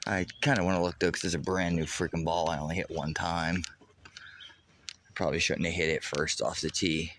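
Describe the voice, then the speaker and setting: A Western Pennsylvania man with the region's accent streams a casual golf vlog while walking a course outdoors, chatting to his chat, reading messages aloud, and swearing casually. His voice is deep and fairly bright, a little fast with fairly even intonation, plus a slight hiss or hum.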